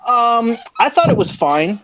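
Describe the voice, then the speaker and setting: A man's voice: extremely high pitch, very animated, unhurried, a bit bright, a little hiss or hum, rough recording. A man on a podcast in casual chat, blunt and sarcastic with frequent swearing, talking from home. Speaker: podcast co-host. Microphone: home mic over internet.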